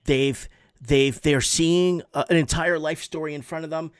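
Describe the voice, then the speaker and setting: A man in his forties telling a story in a casual, animated way, often repeating words for emphasis. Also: a little high, moderate pace, clean tone, no room sound, clean studio sound. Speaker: podcast host.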